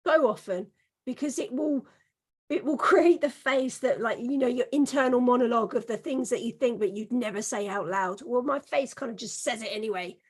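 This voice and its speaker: High-voiced woman telling a story. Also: slightly rough. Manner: self-deprecating storytelling. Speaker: panelist. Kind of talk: panel discussion.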